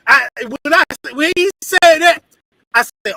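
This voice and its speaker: A man teaching a congregation in an animated, profane, storytelling preaching style. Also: very high-pitched, moderate pace, no echo, rough recording. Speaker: religious teacher.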